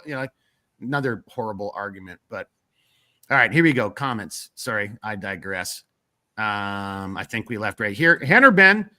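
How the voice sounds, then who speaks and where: A man's voice: medium pitch, sing-song, fairly quick, pushed and bright, no echo, studio quality. A man with a northern US accent hosting a live stream, reading viewer comments in a rambling, blunt way and swearing freely.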